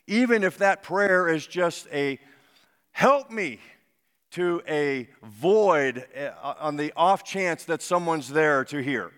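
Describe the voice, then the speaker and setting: A man preaching a sermon, slow and reflective, his voice dropping soft at the ends of phrases. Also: a little high. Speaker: pastor. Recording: long hall reverb.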